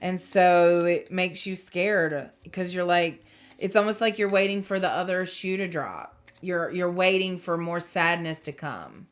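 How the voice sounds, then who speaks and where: Slow, musing woman reading tarot. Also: lowish voice. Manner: slow, musing, reassuring, with emotional exclamations. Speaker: tarot reader. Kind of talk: intuitive tarot reading to camera.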